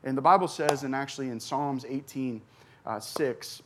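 A man in his forties, a recovery pastor, telling his personal story from a church stage, earnest and halting with many fillers and restarts. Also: mid-range voice, a bit bright. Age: 40s.

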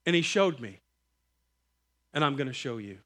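A medium-pitched middle-aged man speaks at normal speed while preaching a sermon full of family stories. He's animated, voicing the people he quotes and breaking into laughter now and then.

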